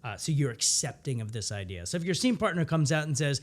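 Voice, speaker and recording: A man in his thirties, an improviser, telling stories in a casual interview and acting out quoted lines in a higher voice. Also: fast talker. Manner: animated storyteller, acts out quotes in a higher voice. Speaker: improviser guest.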